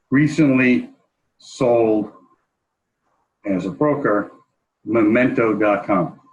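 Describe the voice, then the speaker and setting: A man who works as a domain broker, guesting on a panel talk over a video call, relaxed and self-deprecating. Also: medium pitch, low-quality recording. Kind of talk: casual panel chat.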